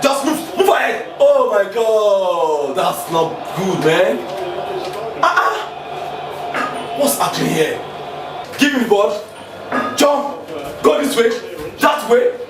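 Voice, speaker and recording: Excitable man yelling at a football match. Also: high voice, slow pace, long pauses, over music. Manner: excitable football fan, shouting at the screen. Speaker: comedian. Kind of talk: comedy skit. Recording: echoey room, mic far off, noisy.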